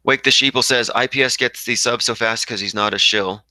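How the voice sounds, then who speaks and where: A man's voice: mid-range voice, fairly even intonation, a little fast, sharp tone, no room sound, low-quality recording. Combative man rambling on a livestream. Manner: rambling, combative, reads viewer comments aloud. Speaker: livestream host reading chat. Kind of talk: casual livestream chat.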